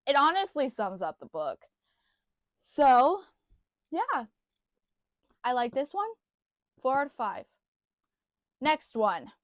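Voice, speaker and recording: A woman's voice: fairly high pitch, dry recording, clean studio sound. A young woman giving a casual book review, gushing and earnest, often circling back on her words.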